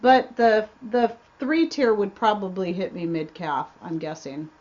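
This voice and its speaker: A woman's voice: mid-range voice, unhurried, darkish tone, a little hiss or hum. Chatty woman hosting a homestead livestream. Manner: chatty, rambling, restarts often. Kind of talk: casual livestream Q&A chat. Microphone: webcam mic. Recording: slightly dull webcam audio.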